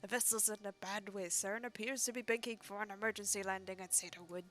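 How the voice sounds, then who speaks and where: A woman's voice: mid-range voice, steady tone, fast talker, a bit bright, faint music behind, lightly acted. A woman voicing a young soldier who formally reports to a superior. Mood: urgent.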